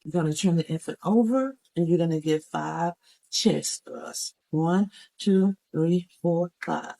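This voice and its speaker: A woman's voice: fairly low pitch, unhurried, gravelly, dark tone, low-quality recording. A woman teaching CPR, giving step-by-step instructions and counting the moves aloud as she demonstrates. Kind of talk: hands-on first aid demonstration.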